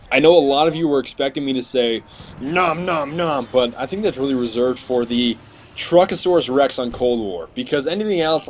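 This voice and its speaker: A man's voice: medium pitch, slight background noise. A man narrating his shooter gameplay in a rambling, sarcastic, joking voice-over. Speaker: gaming commentator.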